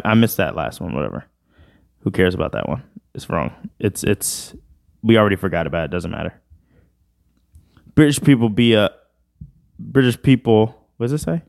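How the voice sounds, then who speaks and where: A man's voice: fairly low pitch, gravelly. A man hosting a podcast in a casual, rambling, slangy chat. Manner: rambling, laid-back, slangy. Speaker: podcast host.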